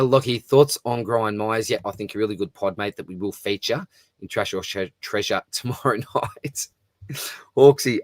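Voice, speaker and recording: Heard in a dry, studio-quality recording, a man with a fairly low pitch runs a fantasy football live stream. He's chatty and friendly with viewers, answering their comments and often calling them "mate."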